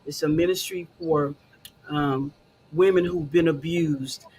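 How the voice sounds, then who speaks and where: A woman's voice: deep voice, fairly even intonation, measured pace, darkish tone, slight background noise. A woman hosting a casual talk show, encouraging and conversational, with frequent fillers.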